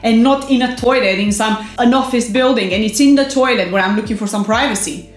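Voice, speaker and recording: A woman's voice: on the high side, fairly quick. A woman in her twenties telling a story from her own life for a vlog, chatty and emphatic, often saying "like". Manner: chatty, emphatic retelling with frequent "like". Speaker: vlogger. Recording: roomy echo with faint background music.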